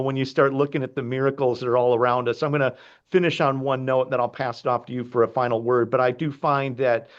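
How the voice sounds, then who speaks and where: A man's voice: mid-range voice, highs cut off. A man hosting a podcast over a video call, earnest and effusive. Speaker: podcast host. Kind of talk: casual conversation.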